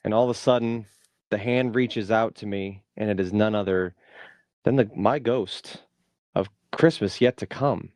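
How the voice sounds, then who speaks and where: A man's voice: on the low side, normal speed, darkish tone, no room sound. Playful storytelling man. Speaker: podcast co-host. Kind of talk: casual chat.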